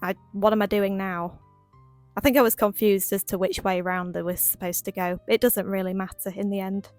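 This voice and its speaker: A woman talking through her crafting in a casual voiceover, rambling and quick, laughing at herself. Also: medium pitch, flat delivery, no room sound, soft background music. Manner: rambling, quick, self-deprecating. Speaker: crafting vlogger.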